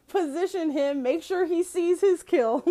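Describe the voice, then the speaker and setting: A woman's voice: very high voice, takes it slowly, warm tone. A woman giving a casual opinion monologue, emphatic and profane, laughing often as she talks. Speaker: commentator.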